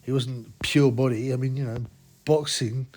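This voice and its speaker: A man's voice: medium pitch, fairly even intonation, normal speed, darkish tone, soft background music. A man in casual, crude, mocking boxing commentary, rambling with many restarts.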